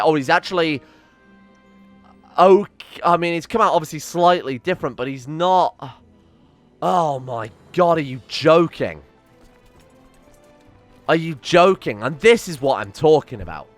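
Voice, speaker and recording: A young man talks through a strategy game in a fairly high voice, swinging between exasperation and theatrical rants full of swearing. Soft music plays behind him. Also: lively intonation, moderate pace. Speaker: game streamer. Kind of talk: casual gameplay commentary.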